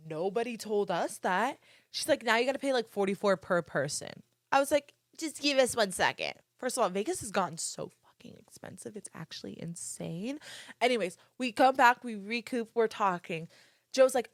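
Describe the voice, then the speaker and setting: A young woman in her twenties hosting a podcast, telling a story in casual chat, animated and swearing freely while she acts out quotes. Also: a little high, brisk, dry recording, studio quality. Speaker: podcast host.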